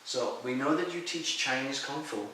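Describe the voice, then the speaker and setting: A middle-aged man telling lively stories in an interview, acting out the voices of people he quotes and laughing often. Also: mid-range voice, moderate pace. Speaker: interview guest, martial arts and healing teacher. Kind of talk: storytelling in a conversational interview. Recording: echoey room, far from the mic, faint hiss.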